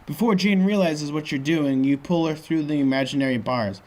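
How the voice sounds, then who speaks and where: A man's voice: a little high, normal speed. A man reading a choose-your-own-adventure book aloud as host, breaking off for joking asides. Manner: jokey asides, lively reading.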